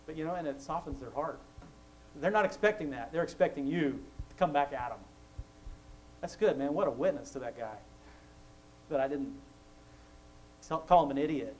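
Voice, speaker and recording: A man's voice: fairly high pitch, animated, normal speed, pauses often, slight background noise, rough recording. A man sharing faith thoughts in a casual, chatty way, laughing often between points. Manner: chatty storytelling, laughs often, acts out quoted voices.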